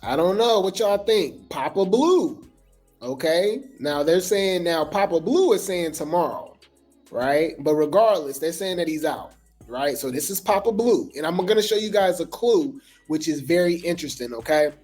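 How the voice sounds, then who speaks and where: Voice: mid-range voice, expressive, moderate pace, darkish tone, slightly rough, soft background music. A gossip news host talking loosely in slang, full of fillers and restarts. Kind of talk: casual gossip commentary.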